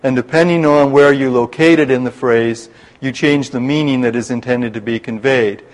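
A man leading a Bible study class, explaining scripture in a measured way and slowing down to spell out terms and quotes. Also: mid-range voice, rough recording.

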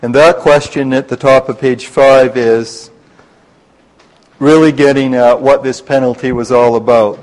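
Leading a Bible study, this man unpacks scripture at a deliberate pace, easing up to spell out key words and quotes. His medium-pitched voice is slightly mellow, though the audio quality is poor.

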